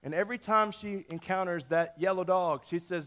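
A male pastor delivering a sermon with a slightly higher-than-average voice. He tells the story playfully and keeps moving his emphasis around. His delivery stays conversational and loose. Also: moderate pace, a bit bright.

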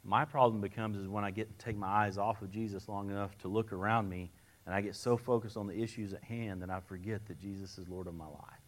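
A lower-pitched man preaches to a congregation. He tells folksy stories from his own life in an earnest way and often restarts his sentences. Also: steady tone, fairly quick. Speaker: lay preacher. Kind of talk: sermon with personal stories.

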